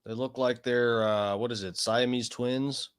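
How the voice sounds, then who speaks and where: A man's voice: medium pitch, steady tone, measured pace, smooth. A man casually commenting on a debate during a live stream, offhand and swearing as he trails off mid-thought.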